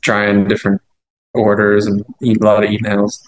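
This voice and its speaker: A songwriter and band frontman with a lowish voice speaks at a normal speed in a completely flat way, and the audio is poor. He writes his band's songs and is chatting casually in an interview, rambling and self-deprecating with lots of fillers.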